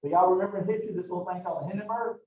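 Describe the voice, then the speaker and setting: A man's voice: high-pitched, rapid-fire. A man giving a college classroom lecture in a rambling, conversational way, drifting into stories. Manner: rambling, conversational, digressive storytelling. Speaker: college anatomy instructor. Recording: roomy, distant, dull lo-fi classroom recording.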